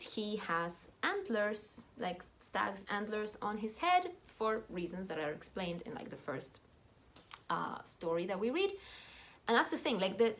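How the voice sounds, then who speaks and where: Chatty woman with a lively voice. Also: medium pitch. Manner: enthusiastic, chatty, with many fillers and laughs. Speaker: book vlogger. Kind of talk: casual book review chat.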